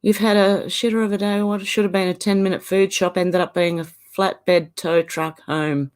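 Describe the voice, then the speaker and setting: A woman's voice: mid-range voice, flat delivery, moderate pace. A woman with an Australian accent and a smoker's cough, hosting a casual livestream chat from home, laughing often and greeting viewers by name. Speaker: channel host. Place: indoors at home, beside a filing cabinet.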